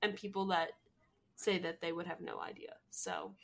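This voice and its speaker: A woman's voice: on the low side, fairly even intonation, moderate pace, gravelly, a bit bright. A young woman from New Jersey co-hosting a podcast in casual chat, giggly and full of filler words. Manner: chatty, giggly, lots of "like" fillers. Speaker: podcast co-host.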